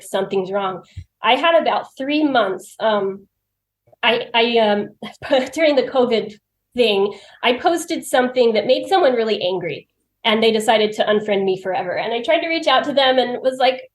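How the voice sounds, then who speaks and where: A woman's voice: a little high, expressive, moderate pace. A woman telling personal stories as a podcast guest. She is chatty, laughs often and acts out what she said to herself. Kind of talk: personal storytelling in conversation. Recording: roomy echo.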